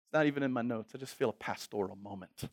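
A male pastor preaching a sermon with humor, moving between loud exhortation and quiet, reflective asides. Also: medium pitch, quick pace.

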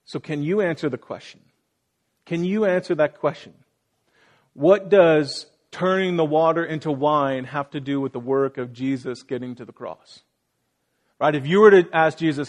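Earnest male pastor preaching, slightly high voice. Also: moderate pace, pauses often. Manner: earnest preaching, acting out quoted voices and asking the congregation questions. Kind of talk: sermon.

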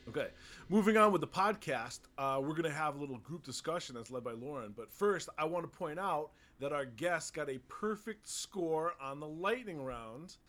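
Brisk higher-voiced man podcast co-host. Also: expressive, fairly bright tone. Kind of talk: scripted segment transition.

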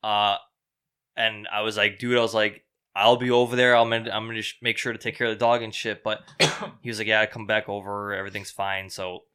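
A young man on a podcast telling a story in casual chat, profane and animated, acting out the people he quotes. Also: fairly low pitch, fairly quick, clean tone.

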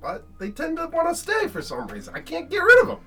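A man's voice: wildly swooping pitch, sharp tone, distant mic, faint music behind, full character voice. A man voicing a jittery, boastful male adventurer who chatters nervously. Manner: high, rapid and nervously chattering.

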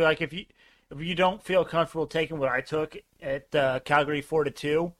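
Another co-host on the podcast, this man has a slightly high, fairly bright voice. Relaxed and a little hesitant, he talks hockey and betting in an easygoing chat.

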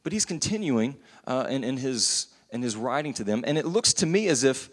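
A man's voice: medium pitch, expressive, a little fast, hardly any pauses, fairly bright tone, husky. A man preaching a sermon in a church, earnest and conversational with frequent restarts. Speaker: pastor. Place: church sanctuary. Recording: long church hall reverb.

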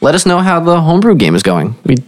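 A man's voice: a little high, big pitch swings, fast talker. A man in his twenties co-hosting a podcast, easygoing and affirming as he chats and reads out listener reviews. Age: 20s. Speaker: podcast co-host. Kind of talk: casual podcast chat, reading listener reviews.

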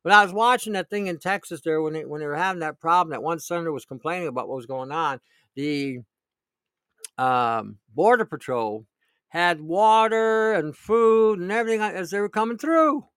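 A man's voice: fairly high pitch, lively intonation, moderate pace, fairly bright tone, clear, resonant tone, no echo, clean studio sound. A middle-aged man, ranting about politics in a sarcastic, indignant way, often laughing and repeating himself. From Canada. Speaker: vlogger. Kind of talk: political rant.

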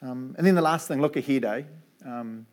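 A middle-aged man with a New Zealand accent delivers a sermon in a loose, conversational way. His voice sits at an ordinary medium pitch, and he keeps tagging on "eh" and "right". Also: moderate pace, a little mellow. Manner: casual and chatty, lots of "eh" and "right". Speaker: preacher and Bible college principal.

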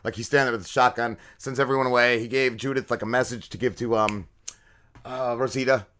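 A male podcast co-host with a medium-pitched, slightly bright voice and fairly even intonation recaps an episode at a quick clip. The casual chat rambles, heavy with swearing and fillers.

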